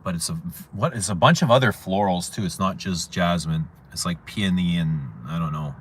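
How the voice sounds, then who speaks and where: A man's voice: low voice, normal speed, breathy edge. A man hosting a fragrance livestream, chatting casually, rambling and repeating himself as he answers viewer questions. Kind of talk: casual livestream chat reading viewer comments.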